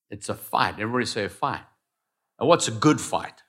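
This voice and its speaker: A man preaching a sermon, swinging between loud declarations and quiet asides. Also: mid-range voice, animated, brisk. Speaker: pastor.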